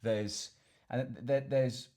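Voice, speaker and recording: A man's voice: mid-range voice, fairly even intonation, takes it slowly, dark tone. A young man with an English accent, hosting a casual fitness Q and A and rambling with lots of repeated words. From England. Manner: rambling, repeats words, addresses viewers as chaps. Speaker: fitness coach and vlogger. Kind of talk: casual Q and A to camera.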